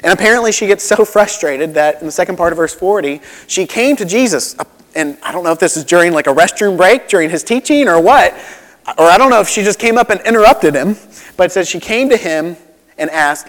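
A man's voice: high-pitched, expressive, a little fast, big-room sound. A man preaching a sermon as a pastor, conversational and relatable, with frequent asides and restarts.

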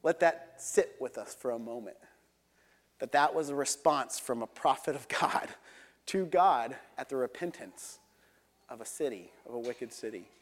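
A young man preaching a sermon, earnest, dropping to a low hush for emphasis. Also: expressive, a little slow, big-room sound. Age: young adult.

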